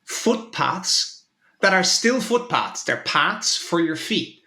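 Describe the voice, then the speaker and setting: A man's voice: high voice, sing-song, takes it slowly, pushed and bright, reverberant. A man, a guest author, chatting casually and wryly, drifting into playful tangents. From outside North America. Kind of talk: casual chat.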